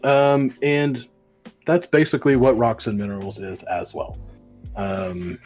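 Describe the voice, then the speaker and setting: A man's voice: mid-range voice, fairly even intonation, a little slow, a little mellow, soft background music. Rambling podcast co-host, casual male. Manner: rambling retelling with many ums and likes. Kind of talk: casual comic book review chat.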